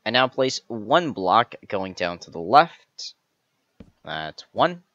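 A man's voice: fairly low pitch, very animated, takes it slowly, fairly bright tone, dry recording, lo-fi sound. A man hosting a step-by-step game building tutorial, methodically counting each block aloud as he places it. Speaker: tutorial host.

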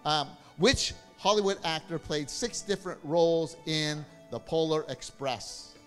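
A man, a pastor, casually hosting a Christmas trivia game in church, playful and chuckling as he reads the questions slowly. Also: on the high side, big-room sound, faint music behind. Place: church hall.

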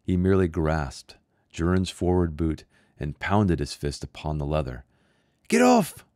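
A man who is an author reading his own short story aloud in a measured, somber way. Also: very deep voice, steady tone, dark tone, no echo, clean studio sound. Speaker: author and host.

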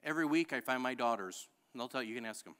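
A man's voice: mid-range voice, very fast. Impassioned middle-aged man preaching. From Illinois. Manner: impassioned preaching that builds to shouting. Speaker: pastor. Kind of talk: sermon. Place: church sanctuary.

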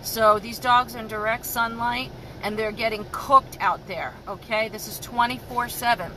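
A woman's voice: fairly high pitch, fairly even intonation, normal speed, pushed and bright, slight background noise, low-quality recording. A woman animal rescue activist speaking firmly and urgently to viewers in a live video.

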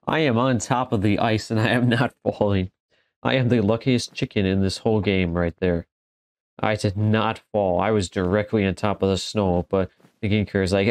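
A man's voice: lowish voice, fairly even intonation, moderate pace, no room sound. A man giving casual let's-play commentary, joking and exclaiming as he talks back to the game. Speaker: gaming commentator.

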